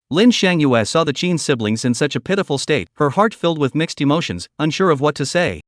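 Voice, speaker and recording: A man's voice: on the high side, expressive, brisk, few pauses, a bit bright, dry recording, studio quality. A man narrating a dramatic story recap in a scripted storytelling style.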